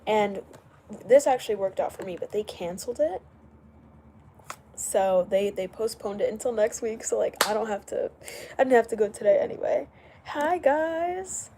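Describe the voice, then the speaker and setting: A young woman with a warm, mid-range voice talks at a normal speed against slight background noise. She's hosting a casual livestream late at night from home, chatting loosely, greeting viewers by name, and laughing a lot.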